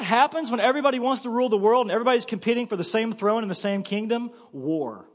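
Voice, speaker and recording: A man in his thirties preaching a sermon as pastor, telling a story in an animated, joking way. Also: extremely high pitch, fast, hardly any pauses. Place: church sanctuary. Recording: long church-hall reverb.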